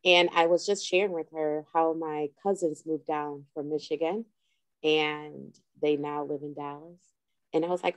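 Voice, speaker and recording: A woman's voice: low voice, fairly even intonation, moderate pace, no room sound, low-quality recording. A woman teacher on a round table panel, telling a personal story and then guiding listeners through a show-of-fingers exercise.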